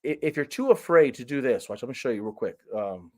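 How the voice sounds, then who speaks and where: A man ranting through a casual movie review, heavy on sarcasm and exaggeration. His voice sits at an ordinary middle pitch, and he keeps stumbling and restarting as he goes. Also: expressive, fast talker.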